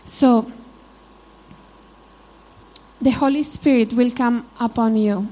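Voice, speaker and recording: A woman's voice: on the high side, fairly even intonation, a little slow, warm tone. A woman from Spain with a Spanish accent, teaching a conversational sermon in an informal, storytelling manner. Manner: informal, frequent "you know", storytelling asides. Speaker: Bible teacher.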